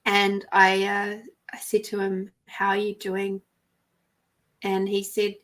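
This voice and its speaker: A woman with an Australian accent, hosting a podcast and telling a personal story in a soft, reflective way, sometimes dropping to near whispers. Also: medium pitch, monotone, slow pace, long pauses. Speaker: podcast host. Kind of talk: casual storytelling.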